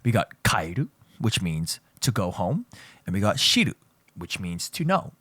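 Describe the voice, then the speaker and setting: A man with a husky, fairly low voice teaches a language lesson in a playful, teasing way. His delivery is lively and swings up and down, and he often repeats himself or corrects his own words mid-sentence. The sound is dry and close. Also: unhurried, dry recording. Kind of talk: joking casual lesson.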